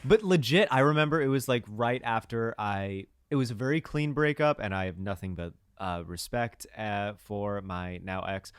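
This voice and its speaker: Young guy cohosting a podcast, kinda low voice, rambly and jokey, dead dry sound. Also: normal speed, hardly any pauses, smooth, dry recording. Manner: rambling, jokey, lots of fillers and restarts. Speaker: podcast co-host. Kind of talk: casual chat.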